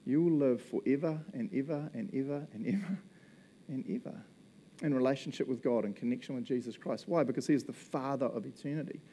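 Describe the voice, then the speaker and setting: A man with a New Zealand accent delivers a relaxed, conversational sermon. His voice is mellow and sits in a middle pitch, and he keeps the mood light with jokes and chuckles. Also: fairly quick, slight background noise. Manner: chatty, joking, often laughing. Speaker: preacher.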